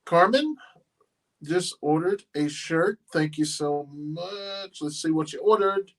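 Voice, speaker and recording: A middle-aged man hosts a loose, rambling livestream chat, pausing often with fillers. His voice sits a bit higher than most men's. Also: animated. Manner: rambling, halting with many fillers. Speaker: farm channel host.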